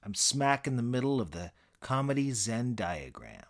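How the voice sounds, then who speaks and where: A man narrating a comic first-person story in a dry, deadpan, boastful manner. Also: mid-range voice, normal speed.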